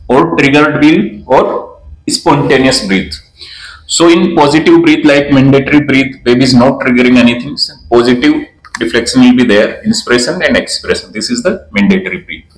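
A man's voice: medium pitch, reverberant, rough recording. A man, a neonatologist explaining ventilator graphics step by step and repeating key terms. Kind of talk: slide lecture.

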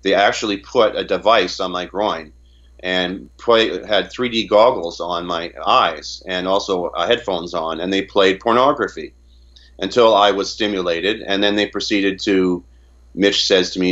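A man's voice: deep voice, fairly even intonation, unhurried, a bit bright, highs cut off. A man from Canada giving an interview in a casual way, often stumbling and repeating words as he retells conversations. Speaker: interview guest.

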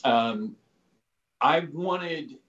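A former special operations soldier in his fifties tells stories as a guest in a casual interview, rambling with plenty of "you know," "like," and casual swearing. His fairly high, fairly bright voice is expressive, with drawn-out words, in roomy, slightly dull podcast audio.

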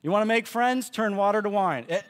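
A man's voice: sits high, fairly quick, clear, resonant tone, long reverb tail. A man giving a sermon as pastor, preaching in a conversational way and acting out the quoted speech he tells. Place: church auditorium.

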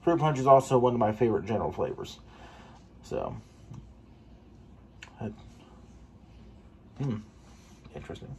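A man reviewing a pre-workout supplement in a casual taste-test vlog, excitable and swearing for emphasis. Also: medium pitch, unhurried, long pauses, slight background noise. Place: home gym.

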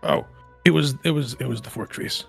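A man voicing a jittery male animatronic fox in a VR role-play, who talks in flustered bursts and quick restarts. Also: mid-range voice, vocal fry, fairly bright tone, husky, soft background music, heavily acted. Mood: upset.

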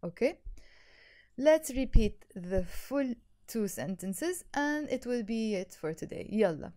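A woman teaches a language lesson in a warm, mellow voice. She explains patiently and slows down to repeat words for her learners. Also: a little high, big pitch swings. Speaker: Arabic teacher.

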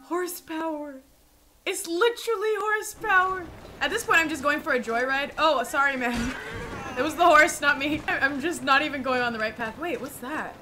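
A young woman streaming a video game, reacting excitably with squeals and shouts. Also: sits high, normal speed, soft background music. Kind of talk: live game-stream commentary.

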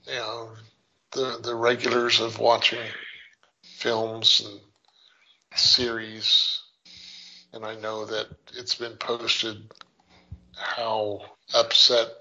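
A man's voice: mid-range voice, vocal fry, bright, forceful tone, breathy edge, muffled recording. A man co-hosting a podcast, chatting casually with dry, wry remarks. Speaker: podcast co-host. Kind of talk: casual chat.

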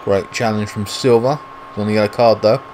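Fairly low-pitched and steady in tone, a British gaming YouTuber speaks fairly quickly over background noise. He provides live commentary on his own football game, cursing often and venting to himself in frustration.

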